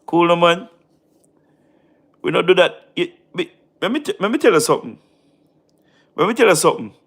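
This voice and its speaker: A tired man with a Jamaican accent talks casually to his live-stream audience in a slightly high voice. He slips into patois, repeats himself for emphasis, and calls out viewers by name. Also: expressive, moderate pace, fairly bright tone, breathy edge.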